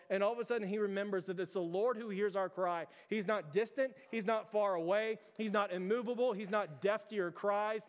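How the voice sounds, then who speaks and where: Male pastor, earnest sermon, high smooth voice, long hall reverb. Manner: earnest, repetitive preaching with restarts.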